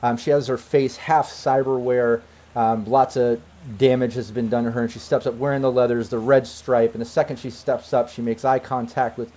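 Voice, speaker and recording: A man's voice: medium pitch, little pitch movement, moderate pace, dark tone. A man narrating a tabletop game as game master, loose and full of fillers.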